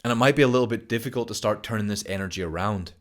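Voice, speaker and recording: A man's voice: lowish voice, very fast, a bit bright. A man giving an earnest motivational lesson on gratitude, sometimes acting out little conversations to make a point. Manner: earnest, acts out little dialogues in others' voices. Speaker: self-help course teacher. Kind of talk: motivational talk to camera.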